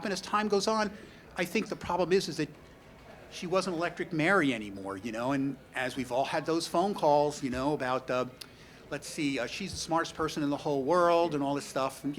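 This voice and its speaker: A man's voice: fairly high pitch, fairly bright tone. A middle-aged man with a New York accent giving a rambling, anecdotal eulogy full of "you know" and wry humor. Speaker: speaker at a memorial tribute. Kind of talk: storytelling eulogy.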